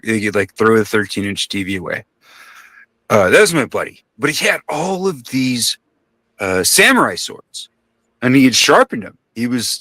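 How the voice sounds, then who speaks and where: A man's voice: on the low side, a bit bright, no room sound. A man telling a long story in casual podcast talk, rambling and profane, acting out the voices of the people in it.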